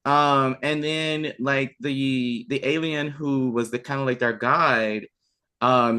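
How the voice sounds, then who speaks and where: A man's voice: medium pitch, a bit bright. Chatty man, a podcast guest. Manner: chatty and enthusiastic, trailing fillers. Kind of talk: casual chat.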